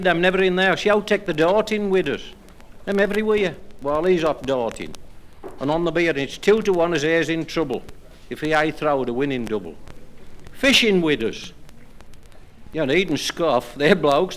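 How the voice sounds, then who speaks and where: A stand-up comedian with a Black Country accent delivers jokes and rhyming monologues in dry, broad dialect to a live audience at a club or pub. His fairly high, slightly bright voice has lively intonation, and he slows down for the rhymed verses.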